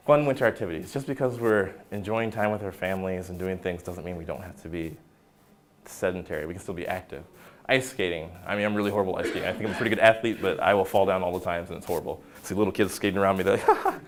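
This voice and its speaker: A young man, a personal trainer, giving an informal wellness talk, joking and acting out quoted lines in silly voices. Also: deep voice. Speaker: fitness center personal trainer.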